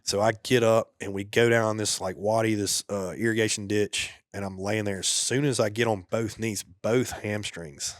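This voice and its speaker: A man with a fairly low voice recounts his time in combat as a podcast guest. He talks casually and laid-back, sinking into a hushed murmur at the grim moments. The recording is dry and close. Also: steady tone, normal speed, hardly any pauses, no echo. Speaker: podcast guest, former soldier. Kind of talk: casual war storytelling.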